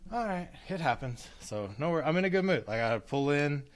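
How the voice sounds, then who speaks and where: A man in his thirties, a podcast co-host, telling a casual story with lively, cursing asides and acted-out quotes. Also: fairly high pitch, moderate pace. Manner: animated, acts out quotes with cursing.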